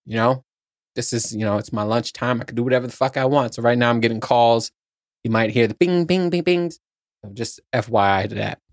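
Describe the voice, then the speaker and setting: Middle-aged male podcast host, rambling and profane, mid-pitched voice, dry room. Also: brisk, no echo. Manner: rambling, profane, self-mocking. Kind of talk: casual solo podcast chat. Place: at his workplace on lunch break.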